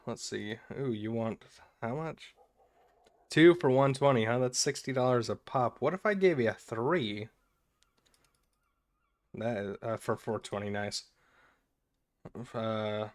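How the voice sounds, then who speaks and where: A young man narrating his own gameplay in a relaxed, unhurried drawl. He jokes around goofily and reads the game's messages aloud in a middle-pitched voice. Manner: joking, goofy, reads game text aloud. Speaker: gaming video creator. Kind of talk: let's play commentary.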